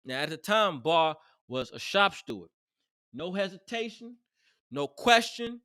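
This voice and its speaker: A man telling a heated workplace story in a casual, animated and profane way, emphatic and expressive. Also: high voice, a little slow, no room sound, clean studio sound.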